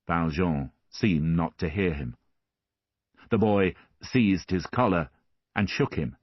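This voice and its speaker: A man reading a classic novel aloud as an audiobook narrator, measured and expressive. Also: deep voice, no room sound, lo-fi sound.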